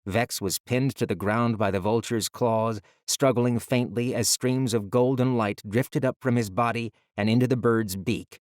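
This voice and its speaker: A man narrating a fantasy audiobook with dramatic, measured storytelling, recorded on a close studio mic. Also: medium pitch, steady tone, a little mellow, no room sound.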